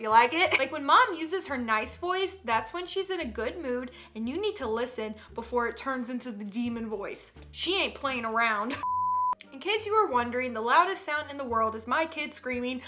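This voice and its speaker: A young woman doing comedic commentary, laughing often and jumping into loud put-on voices. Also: a little high, sing-song, moderate pace. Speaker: comedy YouTuber reacting to parenting tweets.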